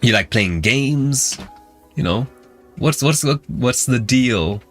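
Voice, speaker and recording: London man, casual talk host, meandering anecdotes, soft music underneath. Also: mid-range voice, expressive, takes it slowly. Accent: London English. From England. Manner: rambling, filler-heavy storytelling. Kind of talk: casual chat with live viewers.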